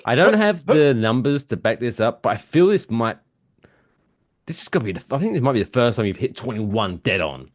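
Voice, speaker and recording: Animated man with lively pitch. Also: a little fast. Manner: animated storyteller, loud bursts of excitement. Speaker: podcast co-host. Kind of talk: casual chat.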